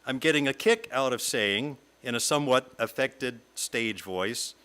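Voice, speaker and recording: Middle-aged guy reading his talk out, lyrical and measured, sort of bright sharp voice. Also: mid-range voice, clear, resonant tone. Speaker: guest speaker at a fellowship service. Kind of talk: reflective talk read from a script.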